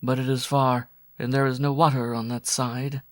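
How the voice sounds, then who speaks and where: A male narrator voicing a mysterious unveiled desert woman who speaks slowly with a droning growl between words. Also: mid-range voice, little pitch movement, no room sound, clean studio sound, pitched above the performer's own voice, close to an everyday voice. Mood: amused. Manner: slow, sing-song, lips barely parting.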